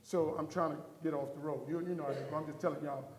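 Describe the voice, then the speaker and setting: A man's voice: fairly high pitch, steady tone, quick pace, a loud crowd. A middle-aged man giving an emphatic motivational speech as a keynote speaker, telling stories and acting out the dialogue. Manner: emphatic storyteller who acts out dialogue. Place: large hall. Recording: echoey hall with long reverb.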